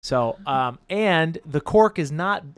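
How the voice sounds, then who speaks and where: A man's voice: on the high side, lively intonation, slow pace, clear, resonant tone, no room sound. A man co-hosting a live painting stream, chatty and playful, reading viewer comments aloud and answering them.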